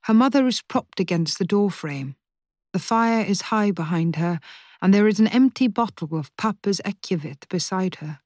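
A woman reading a novel aloud in a measured, even narration. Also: medium pitch, no echo, clean studio sound. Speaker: audiobook narrator. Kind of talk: scripted narration.

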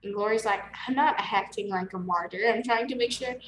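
A woman's voice: medium pitch, brisk, noisy background. Woman recapping a book in an echoey room. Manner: retells scenes, quoting characters with "like". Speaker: podcast co-host. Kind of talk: casual book recap chat.

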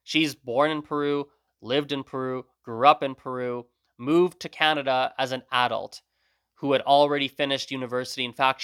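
A man's voice: mid-range voice, fairly bright tone, no echo, clean studio sound. A man hosting a language learning podcast, talking casually in a rambling, self-correcting way. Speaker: podcast host. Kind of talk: casual solo monologue.

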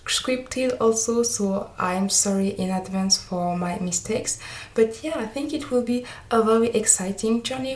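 A woman's voice: mid-range voice, darkish tone. Female podcast host with a French accent, talking off the cuff with some hesitation; recorded in an echoey room. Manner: hesitant, candid, apologetic. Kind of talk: unscripted solo podcast intro. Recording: roomy echo.

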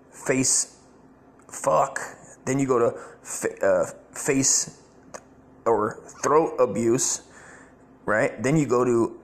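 A man giving crude comedic reaction commentary, blunt, rambling and full of profanity. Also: medium pitch.

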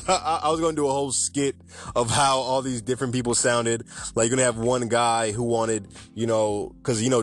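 A man hosting a podcast off the cuff, chatty and rambling, often correcting himself mid-sentence. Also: mid-range voice. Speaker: podcast host. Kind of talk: unscripted cannabis news podcast.

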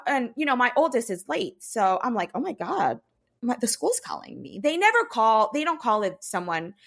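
A woman in her thirties, a podcast co-host, telling chaotic family stories in a lively, excitable way. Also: high voice. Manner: animated storyteller, excitable. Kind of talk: casual chat.

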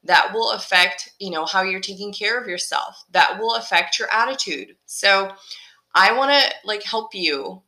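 Bright-voiced upbeat woman podcast host. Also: mid-range voice. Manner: upbeat, encouraging, repeats key phrases. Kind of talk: motivational solo podcast.

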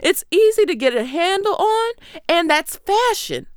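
A woman's voice: very high-pitched, big pitch swings, measured pace, no echo, clean studio sound. A woman in her twenties from Michigan, giving a sarcastic, conversational comedy monologue. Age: 20s. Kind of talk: comedic monologue about song lyrics.

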